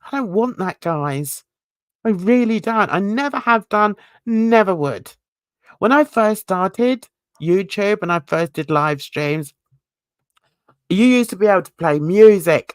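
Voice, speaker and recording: Hosting a relaxed livestream chat, this Englishwoman speaks in a mid-range voice with a blend of North London and rural Essex in her accent. She's warm-hearted and talkative, sprinkling in British slang and terms of endearment. The sound is studio quality with no room sound.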